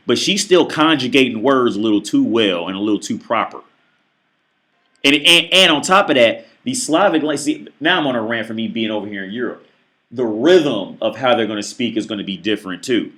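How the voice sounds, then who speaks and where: A man's voice: medium pitch, fairly bright tone. A man ranting through a reaction video commentary, profane and emphatic, often stammering and restarting his sentences.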